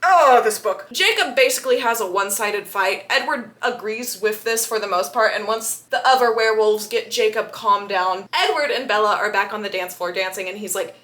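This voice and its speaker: A woman book vlogger giving a casual, sarcastic and animated retelling of a novel. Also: mid-range voice, moderate pace. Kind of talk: casual book recap vlog.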